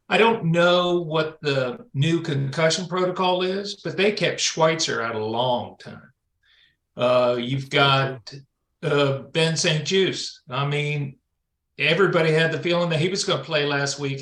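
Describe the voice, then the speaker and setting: Bright-voiced guest man in an echoey room. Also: a little high, unhurried. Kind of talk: casual remote call-in chat.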